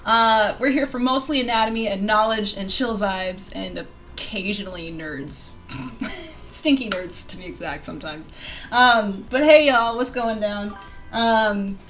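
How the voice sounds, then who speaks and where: A woman hosting a casual live stream, excitable and bubbly, laughing often and bursting into squeals, on a desk mic with soft music behind her. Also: mid-range voice, measured pace. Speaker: livestream host. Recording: quiet music under the voice. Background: soft background music.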